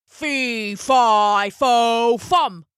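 A woman voicing a huge, foul-smelling male giant who roars out slow, chanted threats in a storybook reading. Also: fairly high pitch, fairly bright tone, clean tone, dry recording, clean studio sound. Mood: roaring.

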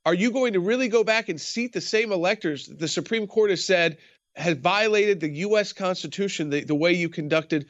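A man's voice: sits high, brisk, a bit bright, no room sound, lo-fi sound. A man who is a guest commentator, explaining things in a remote interview and often restarting his sentences.

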